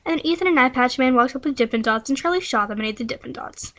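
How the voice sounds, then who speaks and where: A woman's voice: sits high, lively intonation, quick pace. A young woman telling a rambling, silly made-up story in a playful, giggly way. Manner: giggly, playful, breaks into song.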